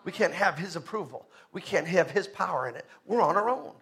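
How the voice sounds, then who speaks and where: High, bright-voiced preacher man. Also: lively intonation, brisk, few pauses. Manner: swings from hushed low asides to shouted high exhortation; calls for congregation responses. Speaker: pastor. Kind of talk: sermon.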